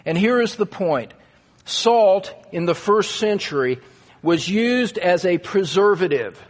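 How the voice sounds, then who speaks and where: A pastor with a fairly high voice delivers an earnest sermon at an unhurried pace. His words ring out with a long hall reverb, as if spoken in a church sanctuary. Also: expressive. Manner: earnest, emphatic preaching with repeated stresses.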